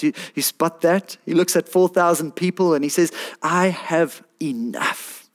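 Man, pastor, sermon, slightly high voice, animated and emphatic. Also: a little slow, few pauses. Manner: animated, pleading, rising to emphatic peaks.

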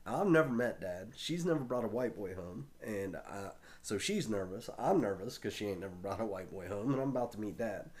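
A man's voice: on the low side, lively intonation, fairly quick, few pauses, a little mellow. Man telling a profane story. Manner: profane, laughs often while telling. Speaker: storyteller on a talk show. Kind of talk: casual anecdote telling.

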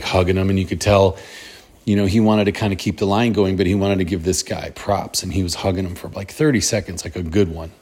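Speaking in a deep, slightly mellow and slightly rough voice, a middle-aged man delivers a casual solo podcast monologue. He is upbeat and motivational, rambling and often restarting his sentences.

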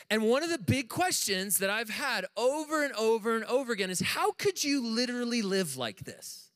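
Lively bright-voiced American preacher. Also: male voice, very high-pitched, normal speed, few pauses, big-room sound. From United States. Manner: animated, jokey storytelling to a live congregation. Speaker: pastor. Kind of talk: sermon. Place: church room with audience.

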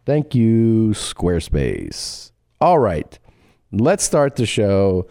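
Man, podcast ad read, low voice, mellow tone, jokey and offhand. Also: sing-song, extremely slow, vocal fry, dry recording. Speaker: podcast co-host reading ads. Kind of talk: casual ad read.

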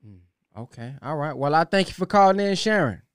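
A middle-aged man hosting a call-in talk show, taking callers with brief, calm acknowledgments. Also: on the high side, fast, clean tone, dry recording, clean studio sound.

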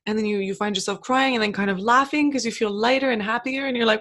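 A woman's voice: a little high, steady tone, quick pace, a bit bright. A woman hosting a podcast in casual chat, talking freely, laughing often and acting out little quoted lines. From England. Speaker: podcast host.

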